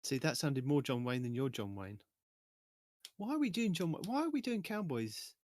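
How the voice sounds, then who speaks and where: A man's voice: fairly high pitch, sing-song, normal speed, darkish tone. A man co-hosting a gaming podcast, wry and protesting in a casual chat with dry humor. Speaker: podcast co-host.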